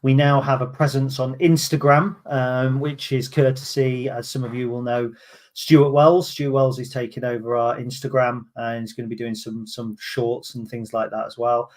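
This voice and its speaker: A man's voice: medium pitch, flat delivery, normal speed, a little mellow. Chatty man hosting a podcast. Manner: chatty and self-mocking, with many ums. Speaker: podcast host. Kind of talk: casual football podcast chat.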